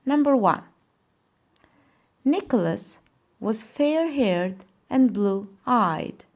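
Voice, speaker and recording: In a recorded classroom lesson, a woman teacher whose first language is Albanian walks students through a reading exercise, asking questions and answering them herself. She explains slowly and carefully in a slightly high, expressive voice, and the recording is muffled.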